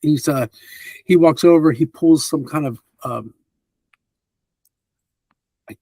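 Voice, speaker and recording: A man's voice: fairly high pitch, takes it slowly, mellow, no echo. A man running a tabletop game as game master, narrating in a rambling, hesitant way with many fillers.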